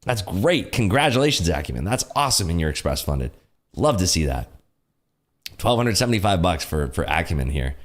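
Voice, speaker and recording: A man's voice: low-pitched, sing-song, a little fast. A man hosting a live day trading stream, chatting casually, laughing often and cheering on his viewers. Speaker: day trading livestream host. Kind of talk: casual live market commentary.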